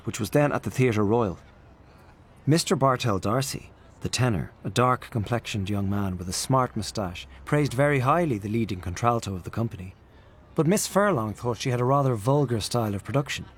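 A man reading a literary story aloud in a measured, expressive storytelling manner. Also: medium pitch, slight background noise. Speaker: audiobook narrator. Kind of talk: literary audiobook narration.

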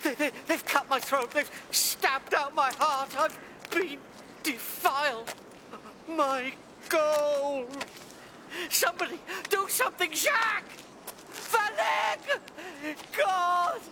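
A man's voice: very high-pitched, animated, slow, background noise, full character voice. An actor playing a greedy, miserly old father in a stage comedy, frantic and melodramatic.

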